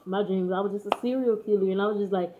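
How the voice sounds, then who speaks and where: A woman's voice: medium pitch, fairly even intonation, fast, warm tone, slight background noise. A teenage girl from Texas telling a story in casual, slangy chat, laughing as she goes. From Dallas, Texas. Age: teens. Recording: tinny phone-like audio.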